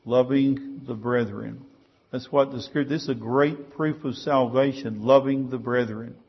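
A man's voice: mid-range voice, fairly even intonation, a little slow, slightly rough, lo-fi sound. A male pastor preaching a sermon in a conversational way, asking his congregation rhetorical questions.

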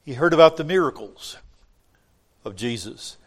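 A man preaching a sermon, swinging between loud emphatic lines and hushed ones, with emphatic repetition. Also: medium pitch, animated, normal speed.

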